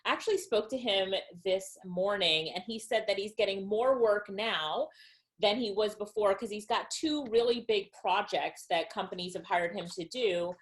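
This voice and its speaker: A woman's voice: mid-range voice, moderate pace. Upbeat woman presenting a webinar. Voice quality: upbeat and enthusiastic, laughs between points. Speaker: online business trainer.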